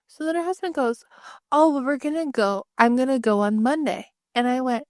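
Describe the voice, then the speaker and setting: A woman's voice: high-pitched, brisk, no echo, studio quality. A woman co-hosting a podcast, telling stories in casual chat and acting out what people said. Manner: animated storytelling, acts out voices. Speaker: podcast co-host.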